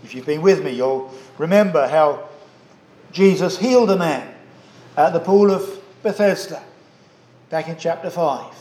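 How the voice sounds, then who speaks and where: A man's voice: a little high, darkish tone. Earnest male preacher in an echoey church. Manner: measured, earnest, with frequent "uh" fillers. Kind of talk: sermon.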